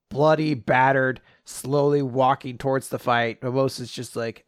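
A man's voice: medium pitch, fairly even intonation, a little slow, dry recording, clean studio sound. A young man co-hosting a casual podcast, animatedly retelling a manga chapter and swearing casually. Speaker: podcast co-host.

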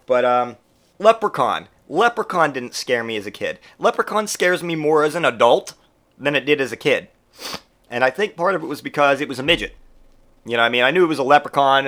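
Man, podcast host, profane, rambling, animated, recovering from a cold. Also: medium pitch, fast. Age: adult parent who grew up in the eighties. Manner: profane, rambling and animated, with mock voices for quotes. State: getting over a cold, coughing. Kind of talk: casual comedic monologue.

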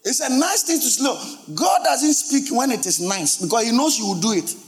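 A male pastor, preaching a lively sermon and asking his congregation questions. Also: very high-pitched, normal speed. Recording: long hall reverb.

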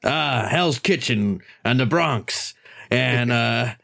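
A man's voice: mid-range voice, lively intonation, slow pace, gravelly, a bit bright, exaggerated voice. A man playing a grizzled, world-weary 1940s detective in a tabletop game, dry and grumbling. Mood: deadpan. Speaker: player.

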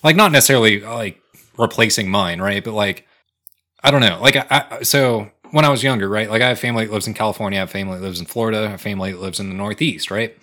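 Young man, laid-back podcast chat, swearing, lowish bright voice. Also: fast. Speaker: podcast co-host. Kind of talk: casual chat.

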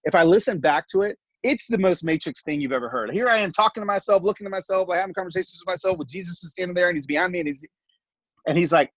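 A middle-aged man tells a personal story in an animated, heartfelt, casual way, stumbling over fillers. His voice is husky and sits a little high. The recording is dry and slightly dull. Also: quick pace, dry recording. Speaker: podcast guest.

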